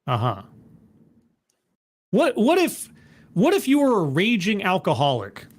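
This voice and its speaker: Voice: medium pitch, wildly swooping pitch, measured pace. A commentary host reacting to a talk clip with sarcastic, mock-earnest remarks and stammered repeats, streaming from home.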